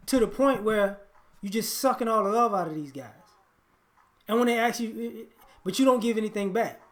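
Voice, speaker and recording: A relationship commentator with a high-sitting voice delivers a brisk, blunt and preachy monologue on relationships, frequently repeating himself and starting his words over.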